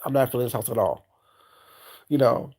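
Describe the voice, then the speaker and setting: A man vlogging a casual rant, expressive and frank, often checking in with "you know what I'm saying.". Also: medium pitch, fairly quick. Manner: animated and expressive, acting out both sides of scenes. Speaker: food and lifestyle vlogger.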